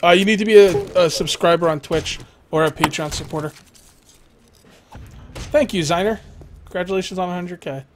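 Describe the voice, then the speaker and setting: A young man with a slightly raised pitch chats loosely through a live game stream. He jokes, rambles and swears at the game, with faint background noise. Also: normal speed, pauses often.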